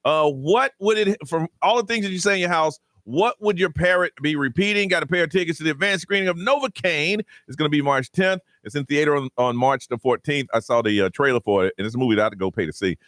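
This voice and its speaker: A man's voice: a little high, quick pace, few pauses, no room sound. A man hosting a morning radio show, bantering with his co-hosts, laughing often and reading out the call-in numbers. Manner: lively, laughs often, reads phone numbers. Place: radio studio. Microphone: studio microphone.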